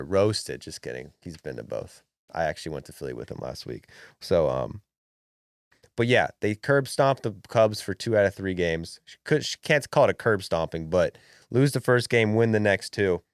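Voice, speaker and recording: A young man co-hosting a podcast in casual sports chat, brash and animated, swearing freely. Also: fairly low pitch, dry recording, clean studio sound. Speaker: podcast co-host.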